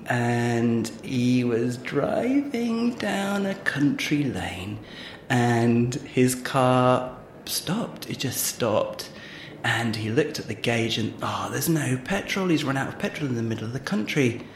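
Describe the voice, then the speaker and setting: A man's voice: mid-range voice, animated, takes it slowly. A man co-hosting a podcast, telling long jokes theatrically and laughing along. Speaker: podcast co-host. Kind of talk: playful comedy sketch and joke telling. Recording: roomy sound with faint noise.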